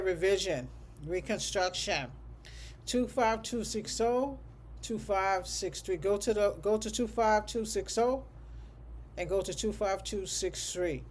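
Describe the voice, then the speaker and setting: In a livestreamed class, a medical coding instructor with a middling-pitched voice teaches in a relaxed, conversational way, thinking aloud as he goes. His sentences keep ending with a checking "okay?", and he reads code numbers slowly and repeats them, adding the odd aside.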